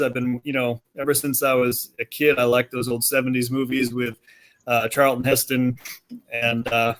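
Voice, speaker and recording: A man, the author being interviewed, talking casually and rambling as he thinks aloud, with many pauses. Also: medium pitch, fairly bright tone, slight background noise. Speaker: author guest.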